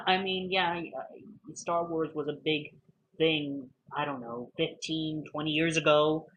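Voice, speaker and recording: A man's voice: on the high side, steady tone, slow pace, fairly bright tone. Man, casual film review, rambling, lots of fillers, faint hiss, dull recording. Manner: rambling, heavy use of fillers and restarts. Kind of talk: casual spoken video review.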